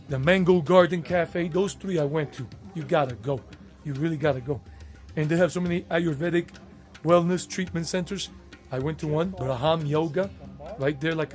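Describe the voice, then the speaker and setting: A middle-aged man with a Southern US accent, chatting casually about his travels in a rambling, digressive way with frequent self-corrections. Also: on the high side. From United States. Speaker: travel vlogger.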